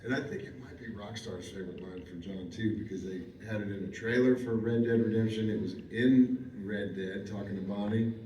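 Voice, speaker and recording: A man's voice: fairly low pitch, steady tone, a little fast, hardly any pauses, warm tone. A man who is a voice actor on a convention panel, talking casually, rambling and laughing easily at himself. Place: large convention hall. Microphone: handheld mic through speakers, recorded from the audience. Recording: echoey hall from far off.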